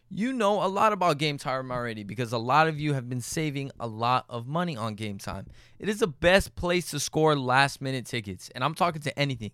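A man's voice: a little high, a bit bright, clean tone, dry recording, clean studio sound. A young man hosting a casual game among friends and reading an ad, laughing often. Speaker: game show host. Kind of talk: casual group banter and ad read.

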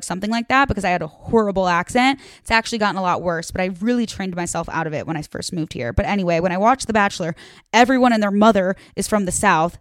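A woman's voice: medium pitch, clean tone, no echo, studio quality. Blunt, chatty young woman ranting. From American Midwest. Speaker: vlogger. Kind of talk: casual rant to camera.

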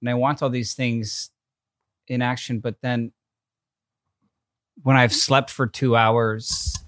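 A tired man, a father, talking casually about parenting in a halting way that trails off quietly. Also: medium pitch, level tone, no room sound, clean studio sound. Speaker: father in a podcast chat. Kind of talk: casual chat.

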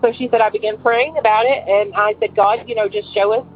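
This woman in her forties calls in over the phone, talking fairly quickly at a medium pitch with fairly even intonation. Emotional and rambling, she leans on many fillers while telling a personal story, and the line is tinny with faint hiss.

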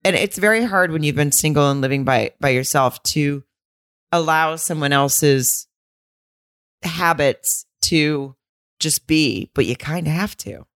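A woman with a notably low voice talking casually on a podcast. She is frank and swears freely, and she acts out other people's lines as she goes. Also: a little slow, a bit bright. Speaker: podcast co-host.

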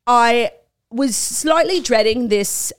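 Woman co-host, bright-pitched, jokey casual chat. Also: slow. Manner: bubbly, joking, laughs often. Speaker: podcast co-host.

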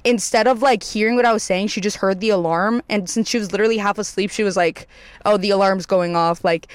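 Young adult storyteller for a casual vlog: smooth voice, rambling and cursing, dry close sound. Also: mid-range voice, fast talker, dry recording. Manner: rambling, heavy filler words and swearing, animated retelling.

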